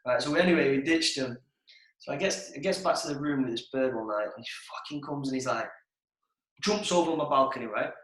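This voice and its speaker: A man's voice: mid-range voice, brisk, a bit bright, reverberant, poor audio. A young man on a podcast, telling crude nightlife stories in a casual, sweary way. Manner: swearing, storytelling, laughs mid-story. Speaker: podcast co-host. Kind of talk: casual chat.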